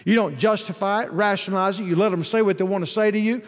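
A male pastor preaching a sermon, swinging from soft asides to shouted emphasis. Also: high-pitched, fairly even intonation, quick pace. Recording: long hall reverb.

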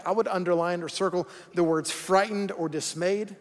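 A man's voice: sits high, normal speed. A man preaching a sermon in a casual, joking way, acting out quoted voices as he goes. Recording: long hall reverb.

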